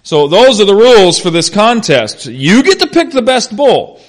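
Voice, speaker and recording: A man, a pastor, preaching a conversational expository sermon that swings between loud emphasis and quiet asides. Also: high voice, sing-song, moderate pace. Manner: conversational, unscripted, frequent "uh" and "you know".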